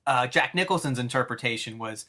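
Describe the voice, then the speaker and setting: Bright, excited man retelling a story. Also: mid-range voice, fairly quick. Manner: excited, rambling, with restarts. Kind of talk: casual chat, animated retelling.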